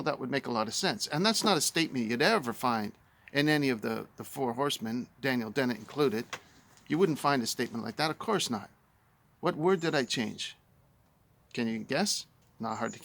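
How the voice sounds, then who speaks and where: A man's voice: mid-range voice, gravelly, fairly bright tone. A man in a mid-range voice reviewing a book aloud. He talks casually with plenty of fillers, then presses his points with rising insistence. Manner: conversational with fillers, turning emphatic and argumentative.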